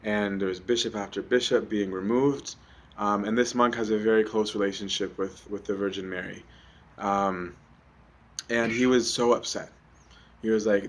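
A man's voice: medium pitch, fairly even intonation, moderate pace, a bit bright. A young adult man giving a conversational sermon, often asking "right?" with many ums. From Egypt. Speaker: preacher.

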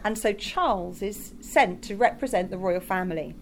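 A woman's voice: mid-range voice, moderate pace, slight background noise. A woman preaching a sermon in a conversational, enthusiastic way, speaking directly to her congregation. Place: church in Rotterdam.

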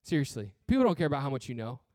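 A man's voice: mid-range voice, big pitch swings, rapid-fire, a little mellow, no echo, clean studio sound. A man preaching a sermon as pastor, earnest and blunt, with touches of humor and repeated phrases.

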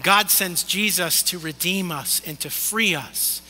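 Man, pastor, sermon, high voice, very bright, earnest and pleading. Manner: earnest, pleading, drops soft and slow for emphasis. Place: church hall, also streamed online. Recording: long hall reverb.

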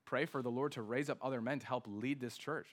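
A man preaching a sermon as pastor, emphatic, slowing down to stress key words. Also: medium pitch.

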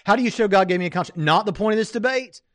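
A man hosts a live stream, talking through a debate in loose, rambling commentary full of fillers and restarts. His voice sits a little high, and the sound is dry and close with no room echo. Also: very fast, a bit bright. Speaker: livestream host reviewing a debate.

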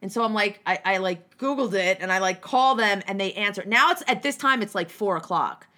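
A young woman from New Jersey telling a rambling, animated story in casual chat, swearing freely and acting out what people said, with many restarts. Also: medium pitch, brisk.

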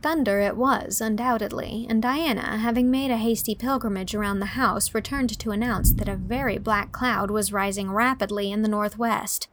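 A woman narrating a classic storybook with a gentle, even reading manner. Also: mid-range voice, moderate pace, few pauses, slight background noise. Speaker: audiobook reader.

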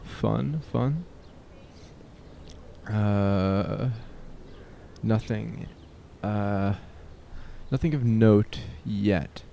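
A man's voice: on the low side, extremely slow, creaky, pauses often, mellow, a little hiss or hum. A young man vlogging alone outdoors in a city park, rambling hesitantly and self-consciously. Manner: hesitant and self-conscious, with nervous laughs and many fillers. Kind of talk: rambling solo vlog.

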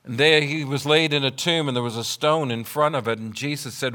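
A man with a bright, forceful voice preaches a sermon. He builds phrase on phrase in rhythmic repetition and rises to loud, emphatic declarations. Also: medium pitch, fairly even intonation, a little fast. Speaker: pastor.

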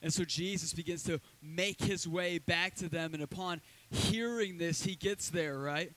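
A man preaching a sermon as a pastor in a church, talking in a loose, conversational way with lively asides. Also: on the high side, a little slow, rough recording. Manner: conversational, energetic preaching with asides and acted quotes.

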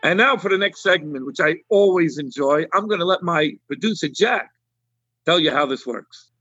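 A man hosting his show as a rabbi, telling an animated, emphatic story in a monologue. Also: a little high, moderate pace, dull audio, soft background music. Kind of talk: monologue commentary with anecdote.

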